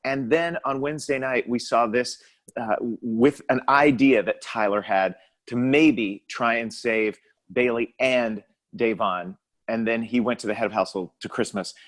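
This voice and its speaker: A man's voice: mid-range voice, a little slow. A man hosting a podcast, setting up a recap in casual chat, eager and stumbling over words now and then. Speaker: podcast host.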